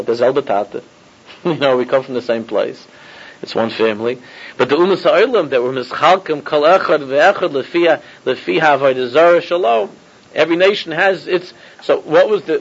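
Husky man giving a rambling Torah class. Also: on the high side. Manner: mixes Hebrew and Yiddish terms, repeats himself, chuckles often. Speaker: rabbi teaching a class. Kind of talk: informal Torah lecture. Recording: dull lo-fi recording.

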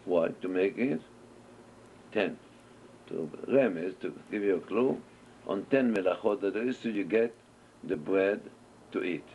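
A man teaches a Torah class, posing questions and answering them himself as he tells stories. His voice is low and somewhat dark, slow-paced with frequent pauses, and the lo-fi recording sounds dull with faint noise.

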